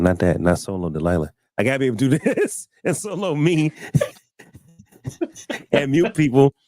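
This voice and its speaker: A man hosts a casual live-stream talk show, telling stories and acting out what other people said, often repeating words as he finds his thought. His voice is lowish and darkish, recorded clean in the studio with no room sound.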